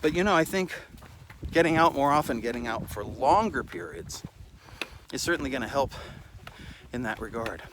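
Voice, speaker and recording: Walking a desert mountain trail with a handheld camera, a hiking vlogger chats in a medium-pitched voice that swings widely, speaking at a moderate pace with frequent pauses over a noisy background. He's worn out and winded, rambling along with self-deprecating jokes and an odd curse here and there.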